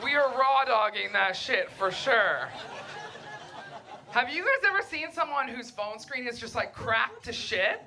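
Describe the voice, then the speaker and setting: On a comedy club stage, a young woman delivers a crude, brash stand-up set in a deadpan style, mimicking voices mockingly while the audience laughs. Her voice sits on the high side and she takes her time.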